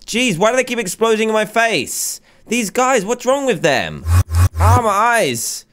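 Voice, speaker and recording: Excitable man gaming. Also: high-pitched, moderate pace, music in the background. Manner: excitable, chatty, exclaims often. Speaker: gaming video host. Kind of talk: let's play commentary.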